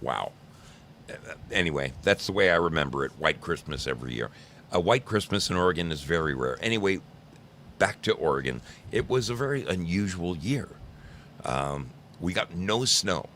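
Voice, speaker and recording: Low-voiced guy in his 60s, from new jersey, talks to his stream chat, lively ups and downs, jokey and rambly. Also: moderate pace, slight background noise. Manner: rambling, teasing, chatty storyteller. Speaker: livestream host. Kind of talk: casual chat with live chat viewers.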